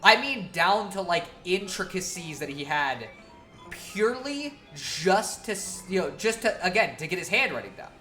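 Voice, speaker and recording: A woman's voice: lowish voice, big pitch swings, normal speed, fairly bright tone, faint music behind. A woman streamer telling a long story in a casual, profane, laughing way.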